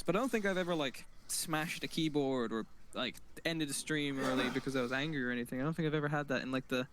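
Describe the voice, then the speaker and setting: A man's voice: medium pitch, fast talker, few pauses, a crowd in the background. Laughing, hesitant man guest. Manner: laughs often, hesitant with many fillers. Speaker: streamer guest. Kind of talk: casual chat.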